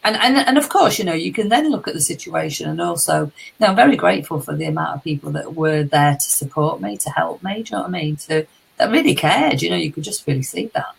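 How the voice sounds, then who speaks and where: Low, gravelly British woman. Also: expressive, quick pace, poor audio. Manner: candid storytelling, swears freely. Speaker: co-host, life coach. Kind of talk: casual live chat.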